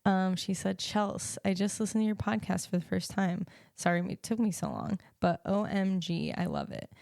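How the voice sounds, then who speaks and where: A woman's voice: mid-range voice, animated, moderate pace, vocal fry, a little mellow, dry recording, clean studio sound. A young adult woman hosting her own podcast alone, chatting casually and rambling with many ums and restarts. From United States. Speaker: podcast host and life coach. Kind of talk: casual solo podcast chat.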